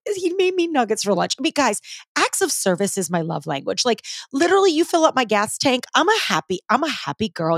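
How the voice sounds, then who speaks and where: A woman's voice: medium pitch, no echo, clean studio sound. A woman in her forties hosting a casual solo podcast, talking in an upbeat, slangy way. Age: 40s. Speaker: podcast host.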